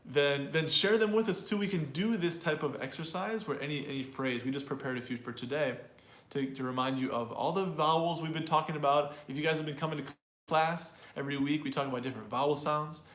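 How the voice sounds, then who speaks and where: This male teacher talks a little fast with few pauses, his voice sitting on the high side with a fairly bright tone and roomy acoustics. Hosting an online pronunciation class, he repeats sample phrases out loud so learners can hear them. He stays loose and talkative, dropping fillers and small laughs along the way.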